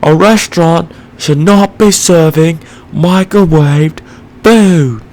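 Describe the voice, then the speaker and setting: A man imitating a furious male celebrity chef who scolds cooks in a loud, scornful, drawn-out voice. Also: on the high side, voice pushed up. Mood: disgusted.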